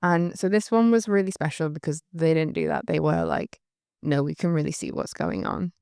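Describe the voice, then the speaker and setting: A woman's voice: deep voice, expressive, moderate pace, gravelly, mellow, clear, resonant tone, no echo, clean studio sound. Chatty woman, light northern English accent. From Northern England. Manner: chatty, rambling, laughs often, many "like" fillers. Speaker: photographer recalling her career. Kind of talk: candid anecdotal monologue.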